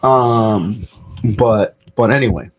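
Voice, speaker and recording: A man's voice: fairly low pitch, slow pace, rough recording. A man hosting a podcast, telling stories in a loose, profane, casual way with plenty of fillers. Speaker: podcast host.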